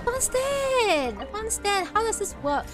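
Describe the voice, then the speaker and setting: Woman, streamer, high and lively voice, excitable, frustrated outbursts, clear music behind. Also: takes it slowly. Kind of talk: casual gaming livestream. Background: game music.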